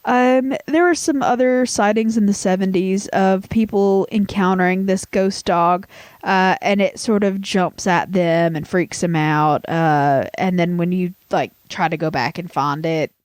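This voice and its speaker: A woman's voice: on the low side, unhurried, a little mellow, no echo. A woman with a Southern American accent, co-hosting a podcast in casual, rambling chat and laughing often. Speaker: podcast co-host.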